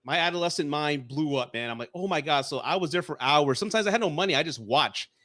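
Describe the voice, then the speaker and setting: A man's voice: on the high side, lively intonation, fast, fairly bright tone, no room sound. A man in his forties, a guest on a casual podcast chat, telling nostalgic stories with many restarts. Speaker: guest reviewer.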